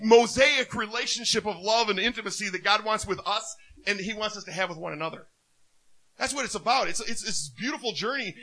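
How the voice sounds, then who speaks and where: A man preaching a sermon as a minister, telling stories in an animated way and laughing often. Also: high-pitched.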